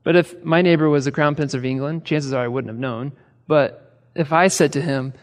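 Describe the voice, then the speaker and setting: A man's voice: on the high side, normal speed. Man preaching in a reverberant hall. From American Midwest. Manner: conversational preaching with rhetorical questions and humor. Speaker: pastor. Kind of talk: sermon.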